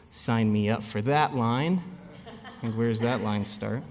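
A man giving a sermon as pastor, speaking in a conversational, animated way with frequent asides. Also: mid-range voice, takes it slowly, long pauses, in a large hall.

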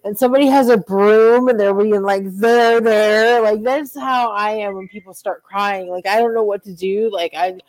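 A woman's voice: mid-range voice, fairly even intonation, normal speed, few pauses, darkish tone, dry recording, rough recording. A woman on a talk panel doing a breakup role-play and chatting, hesitant and giggly. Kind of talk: casual chat and role-play.

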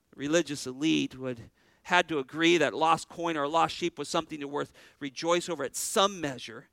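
A man's voice: a little high, fairly even intonation, moderate pace, vocal fry, fairly bright tone, no echo, low-quality recording. A male pastor preaching a sermon, earnestly putting questions to his congregation.

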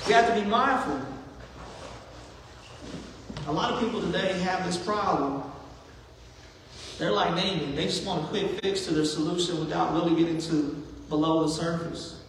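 A man preaching a sermon as pastor, talking conversationally and acting out voices in quick asides. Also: on the high side, fairly even intonation, a little hiss or hum. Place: church sanctuary. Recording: echoey hall from far off.

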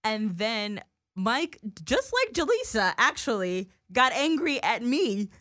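A woman's voice: a little high, takes it slowly, no room sound. Young female podcast host; casual, profane raconteur; dry, close studio mic. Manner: profane, animated storyteller who acts out dialogue.

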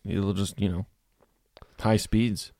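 A man's voice: on the low side, steady tone, unhurried, vocal fry, mellow, dry recording, clean studio sound. A man co-hosting a comedy podcast, reading news articles aloud with wry, sarcastic asides. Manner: wry and sarcastic, swears, breaks into goofy voices. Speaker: podcast co-host.

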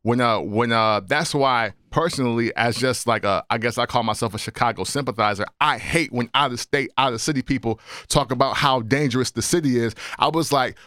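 A man's voice: medium pitch, fairly quick, sharp tone, smooth, dry recording. A man talks casually in a podcast, rambling and stacking up fillers as he goes. His voice sits in a middle range. The sound is dry and close. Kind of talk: casual chat.

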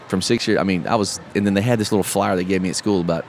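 A middle-aged man, a podcast host telling a story in casual, animated chat. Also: sits low, racing. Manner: animated storyteller, calls listener bro. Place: live podcast event. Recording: live event, faint noise behind.

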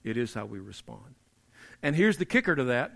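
A man preaching a sermon, emphatic and repetitive, dropping low and quiet to drive points home. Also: big pitch swings, fairly quick, vocal fry. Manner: emphatic preaching, repeats key phrases, drops to quiet for emphasis. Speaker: pastor.

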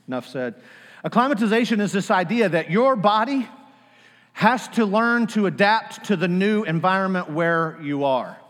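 A man preaching a sermon, animated, leading the congregation in call-and-response. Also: sits high, normal speed, in a large hall. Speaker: pastor.

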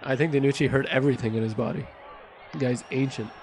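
A man's voice: mid-range voice, steady tone, fast. Wry, chuckling male podcast host. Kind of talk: casual chat, recapping wrestling.

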